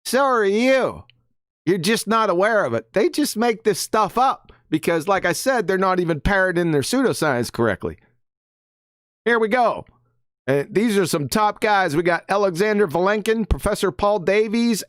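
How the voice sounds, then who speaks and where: With lively intonation and a moderate pace, a mid-range voice hosts a live stream, reading quotes and mocking them in emphatic, combative commentary peppered with "right?". The audio is clean studio sound without any room.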